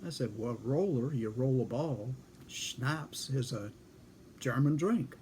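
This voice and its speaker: A man's voice: mid-range voice, slow, darkish tone, a little hiss or hum. A man telling a casual story in a folksy, dry way, acting out both sides of a conversation. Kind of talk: casual spoken anecdote.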